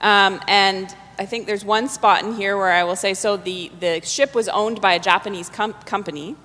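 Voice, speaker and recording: A woman introduces a scene before reading it, relaxed and explanatory with a few fillers. Her pitch is mid-range for a woman. Each phrase hangs in a long hall reverb. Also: moderate pace. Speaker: reader. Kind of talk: storytelling introduction.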